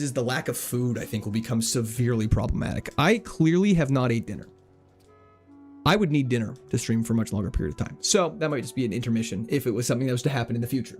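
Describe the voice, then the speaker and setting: A man streaming a video game, chatting casually with his viewers, joking around and reading their messages out loud. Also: mid-range voice. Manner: jokey, animated, reads chat aloud. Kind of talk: casual livestream commentary.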